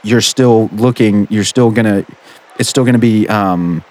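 A man's voice: lowish voice, unhurried, a little mellow. A man hosting a comedic call-in show, arguing patiently and tripping over his words. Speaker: radio show host.

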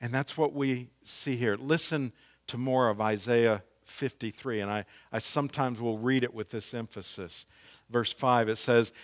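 A man preaching a sermon, explaining scripture slowly and reading passages with strong emphasis. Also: mid-range voice. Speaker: pastor.

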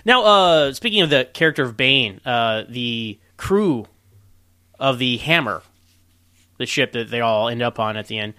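A chatty man riffing on film trivia with an easy laugh. His voice is bright and forward, sitting at a middle pitch, and it sounds dry and close with almost no room around it. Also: unhurried, smooth, dry recording. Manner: chatty, animated, laughs often. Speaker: podcast co-host sharing film trivia. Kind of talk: casual chat.

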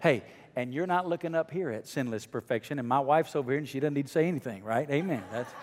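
A middle-aged male pastor preaching a sermon to his congregation, dropping to a hush and then rising almost to a shout. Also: mid-range voice, fast, long reverb tail. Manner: swings from hushed to near shouting. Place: church sanctuary.

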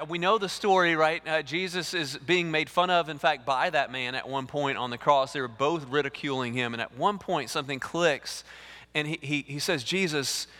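A male lead pastor, preaching a sermon in an animated way, repeating words and acting out dialogue. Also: fairly high pitch. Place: church sanctuary. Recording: reverberant church hall.

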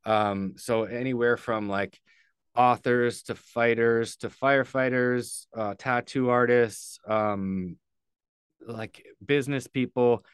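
A man's voice: mid-range voice, fairly even intonation, slow, clear, resonant tone, dry recording, clean studio sound. A man, a podcast guest, telling a story candidly and earnestly, loosely and with casual swearing.

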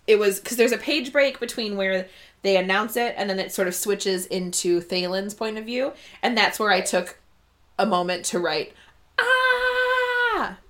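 A woman's voice: medium pitch, normal speed, fairly bright tone. A woman co-hosting a casual book discussion, giggly and enthusiastic as she goes through her notes. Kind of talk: casual chat.

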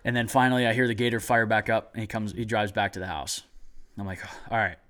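A young man tells a hunting story in a loose, excited ramble, leaning on "like" between phrases. His voice sits a bit low. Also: fast. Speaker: podcast host telling a hunting story. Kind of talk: casual storytelling chat.

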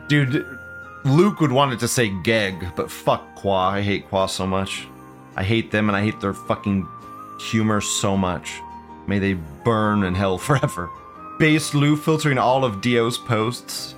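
A man's voice: mid-range voice, animated, unhurried, fairly bright tone, soft background music. A man in his thirties hosting a casual live commentary show. He swears a lot, laughs often, and drags out mocking words. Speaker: livestream show host.

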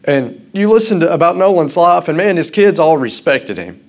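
A man preaching a sermon, starting out halting and rambling, then growing louder and impassioned. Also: on the high side, animated.

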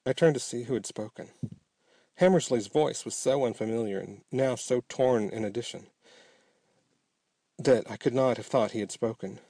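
Man telling a dark tale, mellow voice. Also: medium pitch, moderate pace, long pauses, no echo. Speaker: narrator. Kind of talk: audiobook storytelling.

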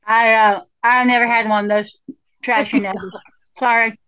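A woman's voice: fairly high pitch, fairly even intonation, normal speed, pushed and bright, smooth. A woman co-hosting a podcast in casual chat, folksy and swearing casually. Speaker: podcast co-host. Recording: slightly dull lo-fi sound.

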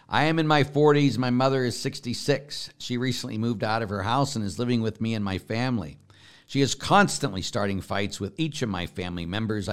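A man, a Catholic priest, chatting casually as he reads out viewer questions and answers them, guiding listeners through a meditation step by step. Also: lowish voice. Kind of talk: casual spiritual Q&A, reading questions aloud.

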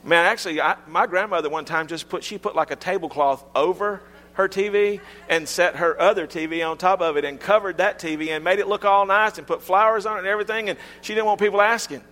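Middle-aged male pastor, folksy comic sermon delivery, higher-pitched voice. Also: quick pace, few pauses, long reverb tail. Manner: folksy, humorous storytelling with lively pitch swings.

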